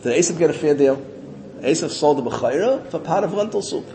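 A man teaching a Torah lesson, telling a story with lively voices and mixing in Hebrew and Yiddish terms. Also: fairly high pitch, fairly quick, creaky, a crowd in the background.

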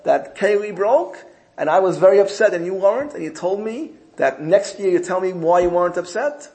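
Fretful wife voice, high and pushy, keeps asking again as a man puts her on. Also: expressive, moderate pace, dark tone. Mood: insistent. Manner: insistent, repeating her questions. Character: upset middle-aged wife, fretting over a broken item.

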